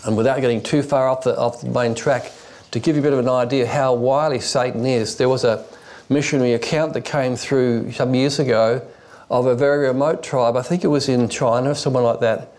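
Male preacher, mid-pitched, digressive storyteller who often restarts and uses fillers. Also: fairly even intonation, brisk, darkish tone. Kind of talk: expository sermon.

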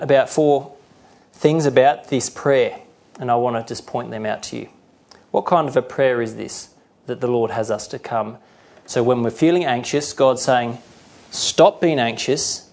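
A man's voice: mid-range voice, normal speed, a little mellow. A middle-aged male pastor preaching a sermon earnestly, sometimes acting out the voices he quotes.

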